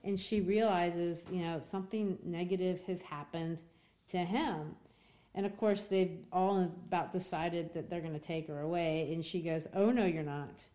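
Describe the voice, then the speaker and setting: A woman's voice: lowish voice, steady tone, a little slow, mellow. A woman teacher walks her class through a story. She talks in a loose, chatty way, full of fillers and asides. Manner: casual, chatty retelling with many fillers. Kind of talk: classroom literature lesson.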